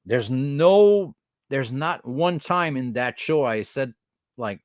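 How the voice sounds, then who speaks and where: A man from Quebec with a Québécois accent hosts a casual podcast, his voice rising and falling in a lively way. He mixes English and French and stumbles through fillers and restarts. The sound is dry and close, with little room around it. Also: mid-range voice, slow, dry recording. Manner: animated, switches between English and French, many fillers and restarts; mimics other accents in bursts. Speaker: podcast host.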